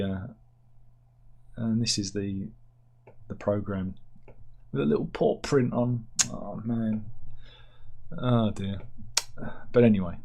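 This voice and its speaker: Husky guy chatting through news stories, rambly, keeps going off on tangents. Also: fairly low pitch, a little mellow. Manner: rambling, self-interrupting, chuckling asides. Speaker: host reading news stories. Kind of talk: casual satirical news chat.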